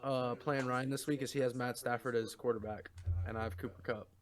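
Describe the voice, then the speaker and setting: A man's voice: mid-range voice, steady tone, brisk. A man co-hosting a podcast, joking and teasing his friends in casual chat and swearing freely. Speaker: podcast co-host.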